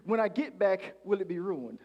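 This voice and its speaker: A man preaching a sermon as pastor, calling on the congregation to answer back and swinging from hushed lines to shouts. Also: sits high, animated, normal speed, highs cut off.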